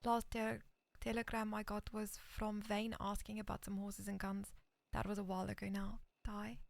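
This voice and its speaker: A roleplay streamer voices a character in a western roleplay chat, hesitantly reading messages aloud and often dropping into a whisper. Her mid-range voice is gravelly and completely flat, moving at a normal speed. The recording is dry.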